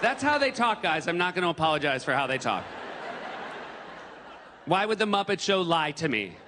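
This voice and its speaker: Animated male stand-up comedian. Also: on the high side, moderate pace, in a large hall, a crowd in the background, background noise. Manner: animated storytelling with acted quotes.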